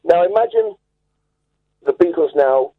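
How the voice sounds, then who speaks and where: A man's voice: fairly high pitch, expressive, a little slow. A man calling into a radio show, enthusiastically telling a long rambling story. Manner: enthusiastic, rambling, self-assured. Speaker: caller. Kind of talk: phone-in storytelling. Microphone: telephone. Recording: tinny husky phone line.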